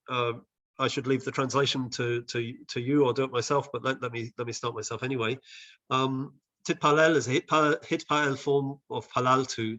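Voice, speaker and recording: A man who advises on Bible translation, leading a session on a video call with thoughtful explanations, often pausing and restarting. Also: medium pitch, bright, forceful tone, muffled recording. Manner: thoughtful, with frequent hesitations and restarts. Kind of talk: explanatory teaching talk.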